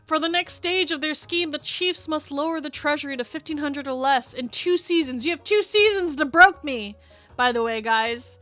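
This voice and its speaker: A woman's voice: high-pitched, moderate pace, pushed and bright, soft background music. A woman streamer reading game text aloud and reacting in chatty, giggly bursts.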